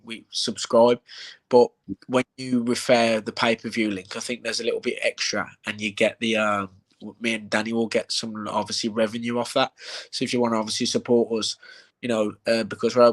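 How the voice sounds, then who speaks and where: A man, a bare-knuckle fighter hosting a live chat, blunt and swearing freely. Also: medium pitch.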